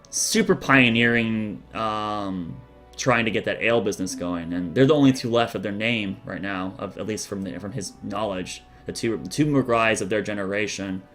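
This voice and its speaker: A man's voice: on the low side, fairly bright tone. A man narrating a tabletop game as dungeon master, casual and rambling, with many fillers.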